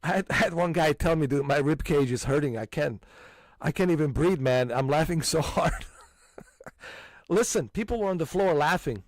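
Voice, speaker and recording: A man hosting a gaming channel, loudly swapping stories with friends and breaking into frequent laughter and exclamations. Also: a little high, expressive, moderate pace, no room sound, clean studio sound. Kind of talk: casual chat with friends.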